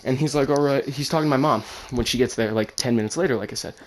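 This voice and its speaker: A man tells a personal story in a relaxed, animated way, swearing freely and acting out everyone involved. His voice sits at a middling pitch, and a faint background hiss runs under it. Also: quick pace. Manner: animated, swears, acts out quotes. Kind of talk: casual storytime.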